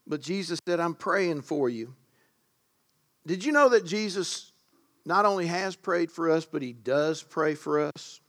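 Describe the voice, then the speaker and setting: A man preaching a sermon to a congregation, driving home key words with loud stresses and breaking into casual asides. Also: on the high side, animated, a little slow.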